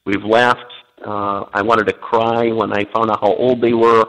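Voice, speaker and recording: A man's voice: fairly low pitch, flat delivery, a little slow, a bit bright, poor audio. A man, a guest minister, chatting on a talk show over the phone, hesitant with many fillers and given to joking. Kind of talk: casual chat on a talk show.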